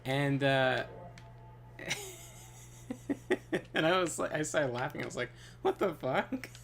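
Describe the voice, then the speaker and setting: A man's voice: medium pitch, slow, gravelly, faint music behind. Guy telling a story while he plays, laughs a lot, voice swinging up and down, swears loosely. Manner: laughs often, animated, loose and profane. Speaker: gaming channel co-host. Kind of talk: casual storytelling while gaming.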